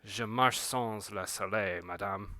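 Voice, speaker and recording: A man's voice: fairly low pitch, slow, sharp tone, no echo, voice pushed down. A man voicing a haughty male estate master, stiff and formal.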